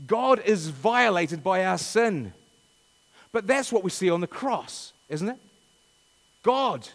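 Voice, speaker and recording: Animated male preacher, high lively voice. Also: big-room sound. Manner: animated, rhetorical questions, dramatic readings. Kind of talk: sermon.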